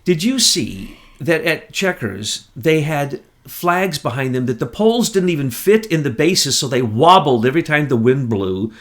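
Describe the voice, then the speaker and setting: A man's voice: fairly high pitch, lively intonation, a little slow, few pauses. An American man in casual political chat, scornful and mocking as he talks. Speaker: political commentator.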